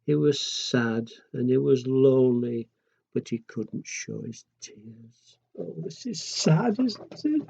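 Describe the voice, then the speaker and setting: A man reads a children's story in a gentle, chatty way and asks little questions along the way. His voice is mellow and lively in pitch, and he takes his time. The recording is dull and lo-fi. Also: takes it slowly, creaky, slightly rough. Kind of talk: children's picture-book reading.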